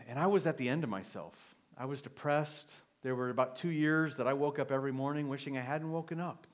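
A middle-aged male pastor telling a personal story in a sermon, moving from quiet confession to emphatic preaching. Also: medium pitch.

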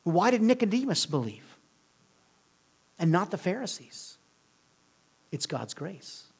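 A male preacher delivering an earnest sermon, swinging between loud emphasis and hushed, near-whispered lines. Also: high voice, sing-song, slow pace, husky.

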